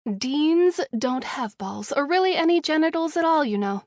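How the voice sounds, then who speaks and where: A woman voicing a friendly, brisk young woman who is a fellow captive, as audiobook dialogue. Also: high-pitched, expressive, a little mellow, no room sound, studio quality, voice pushed up. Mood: chatty.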